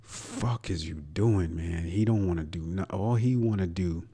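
On a sports podcast, a young man rants in a very deep, husky, dark-toned voice at an unhurried pace. Brash and profane, he mocks the players on his own teams.

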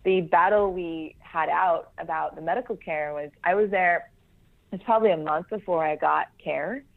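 A woman's voice: fairly low pitch, normal speed, vocal fry. A woman, a Marine Corps veteran, speaking frankly in an interview and breaking into laughter between points. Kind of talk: candid interview conversation. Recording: tinny phone-like line.

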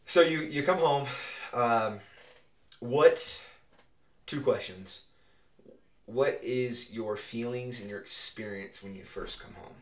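A young adult man hosting a casual interview, asking relaxed, hesitant questions with plenty of fillers. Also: mid-range voice, takes it slowly. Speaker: host. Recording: roomy echo, voice far from mic.

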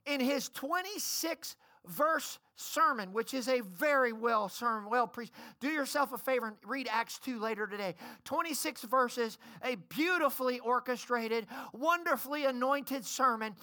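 A woman preacher giving an impassioned, pleading sermon at a church service, her voice rising to shouts. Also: fairly high pitch, measured pace, hardly any pauses.

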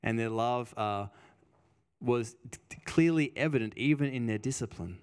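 Man preaching with a smooth, resonant voice. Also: medium pitch, moderate pace, a little mellow. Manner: emphatic, repeats phrases for weight; conversational, tells personal stories. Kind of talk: sermon.

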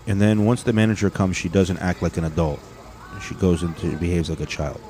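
A man's voice: sits low, level tone, a little fast, dark tone, a faint crowd. A man casually reacting to online videos, sardonic and profane, mocking what he watches.

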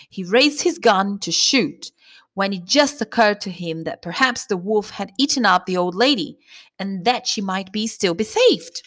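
Lively woman storyteller reading a fairy tale, voice jumps around a lot. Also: medium pitch. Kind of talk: fairy tale read-aloud.

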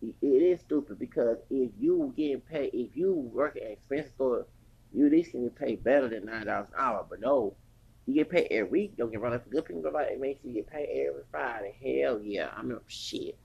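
Husky gravelly voice, 40s, rambling profane story rant, gets heated. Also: mid-range voice, expressive, brisk, lo-fi sound. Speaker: podcast host.

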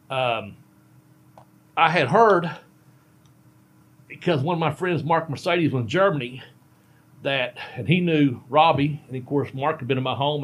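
Folksy man spinning road stories. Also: medium pitch. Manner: rambling, folksy, laughs at himself. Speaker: former pro wrestler telling road stories. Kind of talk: casual storytelling on a podcast.

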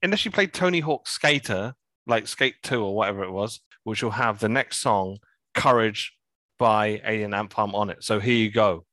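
A male podcast co-host who keeps things moving with short, wry remarks. His voice sits in a middle pitch, recorded close and dry. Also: normal speed, bright, forceful tone, no echo. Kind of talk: casual chat.

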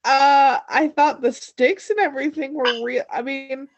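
A woman's voice: high-pitched, steady tone, a little slow, dry recording. A woman co-hosting a podcast, reacting in casual chat with emphatic, incredulous remarks. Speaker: podcast co-host. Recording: dull lo-fi dry sound.

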